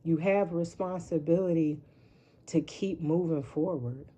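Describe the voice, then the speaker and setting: A lower-pitched woman talks through a tarot reading in a loose, rambling way. She is blunt and profane, and she keeps checking in with a quick "right?". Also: warm tone. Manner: rambling, frank and profane, with frequent rhetorical "right?". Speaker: tarot reader. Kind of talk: casual spoken tarot reading.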